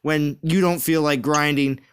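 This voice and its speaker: A man's voice: a little high, steady tone, measured pace, a little hiss or hum. A man hosting a game livestream, talking casually in an upbeat, reassuring way with repeated words. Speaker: livestream host. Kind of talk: casual chat.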